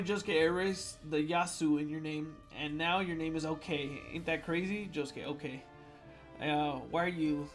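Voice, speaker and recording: A man reading submitted fan jokes out loud in a playful comedic voice, with sudden loud swings. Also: a little high.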